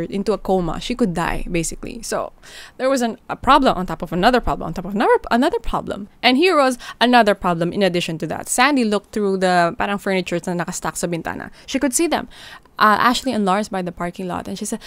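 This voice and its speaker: A woman's voice: medium pitch, dry recording. Chatty Filipino woman telling a crime story. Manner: chatty, code-switching, animated. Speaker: true crime podcast host. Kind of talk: casual storytelling narration.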